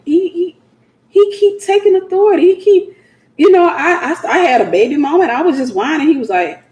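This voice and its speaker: A woman speaks in an animated preaching style, repeating phrases and breaking into laughing asides. Her voice sits high, and the room around her rings with echo. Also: fairly quick. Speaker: host. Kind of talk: preaching livestream talk.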